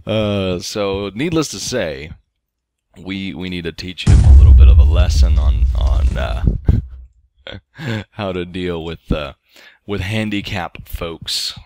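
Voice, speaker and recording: Deep-voiced man rambling through a story. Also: lively intonation, takes it slowly, dark tone, a little hiss or hum. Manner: rambling, lots of ums and restarts. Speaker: let's play host. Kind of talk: casual storytelling over gameplay.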